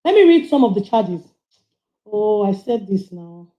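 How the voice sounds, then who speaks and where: A woman's voice: medium pitch, sing-song, a little slow, warm tone, echoey room, rough recording. A woman giving passionate, scolding commentary on a livestream as she reads out charges.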